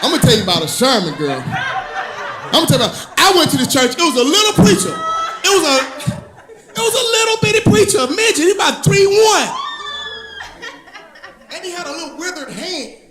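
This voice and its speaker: A man performing stand-up on a club stage, his voice unusually high and swinging widely in pitch. He drawls through stories and shouts out the punchlines, and the room around him rings with echo and audience laughter. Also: big pitch swings, a little fast, long pauses, music in the background, crowd noise. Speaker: stand-up comedian. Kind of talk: stand-up comedy set.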